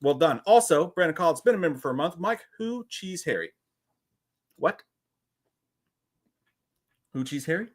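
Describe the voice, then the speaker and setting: A man's voice: a little high, animated, normal speed, pauses often. A man co-hosting a casual movie livestream, teasing, sarcastic and reading chat messages aloud. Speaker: podcast co-host.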